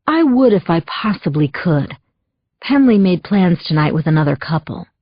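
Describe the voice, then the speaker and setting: A woman narrator doing a slick, evasive married businessman in an audiobook, placating and a bit condescending. His voice sits low and husky, and the recording sounds dull and lo-fi. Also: sing-song, normal speed, no room sound. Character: smooth evasive middle-aged married businessman.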